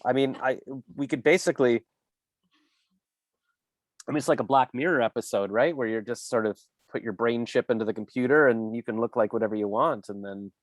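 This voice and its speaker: A male podcast host at a middling pitch for a man, chatting loosely and jokily. He often restarts his sentences. The recording is dry and close, with no room echo. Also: a little fast. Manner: rambling, self-correcting, jokey. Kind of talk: casual interview chat.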